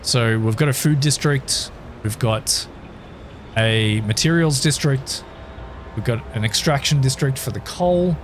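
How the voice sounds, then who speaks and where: A man's voice: medium pitch, a little slow, slight background noise. An Australian man casually commentating his gameplay, thinking aloud with lots of ums and chatting to his viewers as he goes. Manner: talks to chat, thinks aloud with many ums. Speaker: gaming YouTuber.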